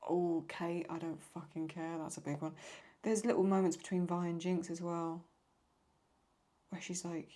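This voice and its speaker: A woman talks in a loose, rambling way, as a video host answering viewer questions. Her voice sits a little low for a woman. She keeps paraphrasing and stopping to apologize when she loses her thread. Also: flat delivery, unhurried, pauses often, warm tone. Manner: rambling, paraphrasing lines, apologizes for getting stuck. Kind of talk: casual chat.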